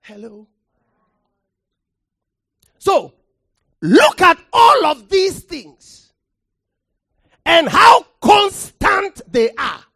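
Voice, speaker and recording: Passionate preacher mid-sermon: high, swooping pitch, slow measured pace, calls for the crowd to answer back. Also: big pitch swings, gravelly, dry recording, studio quality. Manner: impassioned, shouting for emphasis with sudden drops to quiet; calls for audience response.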